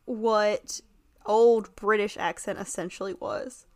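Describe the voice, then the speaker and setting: A woman with a Southern US accent co-hosts a podcast in relaxed, casual chat. Her voice sits at a middle pitch for a woman. She reacts wryly and bluntly and likes to retell her conversations. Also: slow, dry recording, studio quality. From North Carolina. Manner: wry, blunt reactions and retold exchanges. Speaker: podcast co-host.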